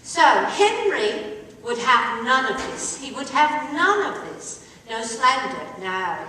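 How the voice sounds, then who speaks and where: A woman's voice: high-pitched, very animated, bright, forceful tone, slight background noise. Woman telling a dramatic tale in an echoey hall. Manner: dramatic, drawn-out, quizzing listeners. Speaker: storyteller. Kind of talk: live storytelling to an audience. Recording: echoey hall recorded from far off.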